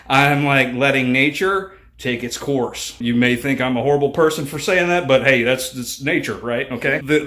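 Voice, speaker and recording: A man in his thirties, a family vlogger, telling a long story in a rambling, animated way with lots of fillers. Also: mid-range voice. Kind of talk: casual storytelling vlog.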